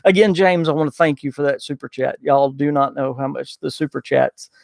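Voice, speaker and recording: Gravelly Southern man hosting a gaming stream. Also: medium pitch, steady tone, brisk, dry recording, clean studio sound. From Southern United States. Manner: folksy, chatty, loses his train of thought with many uh fillers. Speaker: podcast host. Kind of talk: casual livestream chat reading super chats.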